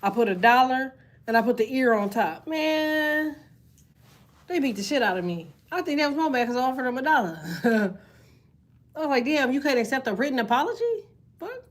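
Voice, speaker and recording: Woman streamer, AAVE speaker, animated and profane storyteller, slightly high-pitched. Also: fairly quick. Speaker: live streamer reading chat. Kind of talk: casual storytelling chat.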